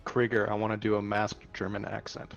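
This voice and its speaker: Wry, quipping tabletop player. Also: male voice, fairly low pitch, completely flat delivery, a little fast, vocal fry, highs cut off, over music. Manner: wry quips. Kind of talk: casual play over voice chat.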